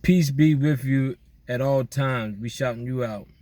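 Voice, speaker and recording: Male vlogger, casual slangy shout-out chat, outdoors at night. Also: medium pitch, unhurried, no echo. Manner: relaxed slangy banter with listeners. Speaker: vlogger doing viewer shout-outs.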